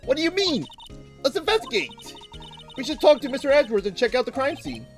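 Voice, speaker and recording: A man voicing an excitable young woman spirit medium, in a high-pitched, eager voice with loud outbursts. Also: fairly quick, soft background music, heavily acted.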